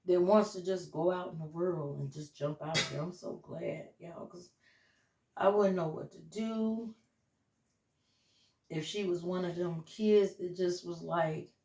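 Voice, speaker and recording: A woman's voice: on the low side, a little slow, pauses often, dark tone, reverberant. A middle-aged woman chatting casually with viewers while she cooks in her home kitchen, calling them "y'all". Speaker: home cooking vlogger. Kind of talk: casual chat while cooking.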